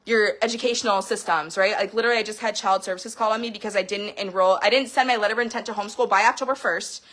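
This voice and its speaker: A woman's voice: mid-range voice, fairly even intonation, quick pace, fairly bright tone. A woman in her thirties ranting to camera in a heated personal vlog, swearing freely and veering between laughter and tears. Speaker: vlogger. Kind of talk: emotional personal rant to camera.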